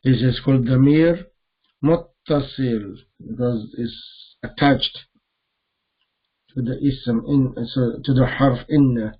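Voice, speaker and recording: A man teaching Arabic grammar in a lesson, slowly repeating terms and putting questions to his students. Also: medium pitch, breathy edge, highs cut off. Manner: slow, deliberate, repeats terms and quizzes students. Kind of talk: live online grammar lesson.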